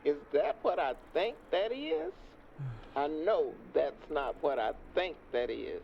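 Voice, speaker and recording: An actor playing an earnest older street preacher who pleads and preaches in a muffled, lo-fi album skit. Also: male voice, on the high side, very animated, slow pace, creaky, slight background noise, full character voice. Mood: urging.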